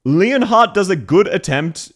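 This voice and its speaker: Animated young Australian streamer, swearing. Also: male voice, high-pitched, unhurried. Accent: Canberra Australian. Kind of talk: casual live-stream chat.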